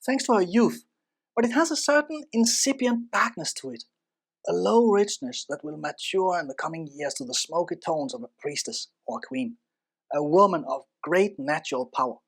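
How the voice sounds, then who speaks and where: Speaking at a normal pace in a medium pitch, a presenter narrates an instructional lesson. They sound expressive and shift their volume to emphasize points.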